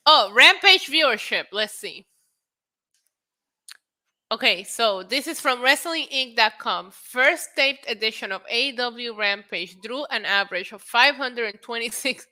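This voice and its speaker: A woman's voice: medium pitch, unhurried, bright, forceful tone. A woman with a New York accent hosting a casual wrestling news livestream, chatting freely, swearing and laughing as she reads headlines and viewer comments. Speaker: wrestling talk show host.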